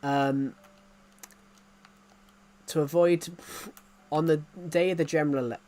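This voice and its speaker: A man's voice: a little high, fairly even intonation, unhurried, darkish tone. A man, chatting casually on a game live stream, rambling and repeating himself with frequent chuckles.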